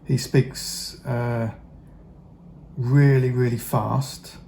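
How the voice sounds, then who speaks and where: A man's voice: medium pitch, flat delivery, drawn-out words, gravelly, dark tone, soft background music. A middle-aged man chatting casually while he paints miniatures, rambling with many fillers, wry asides and the odd swear word. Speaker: hobby vlogger painting miniatures.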